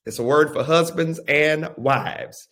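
A pastor teaching a Bible study, who speaks deliberately and repeats phrases for emphasis. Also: male voice, on the high side, a bit bright.

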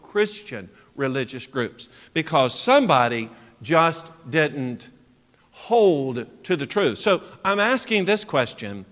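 A man preaching a sermon in an animated way, full of rhetorical questions. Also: a little high, big-room sound.

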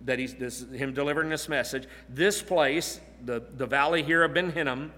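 A man's voice: mid-range voice, moderate pace, pushed and bright. Earnest preaching man in reverberant hall. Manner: earnest, emphatic, repeats key phrases. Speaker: pastor. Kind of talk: expository sermon.

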